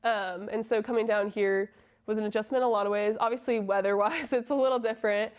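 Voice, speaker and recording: Young woman from massachusetts chatting in an interview, pretty even monotone, lots of ums, friendly and easygoing. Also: medium pitch, fast talker. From Massachusetts, USA. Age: 20s. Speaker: college soccer player. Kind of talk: casual interview answers.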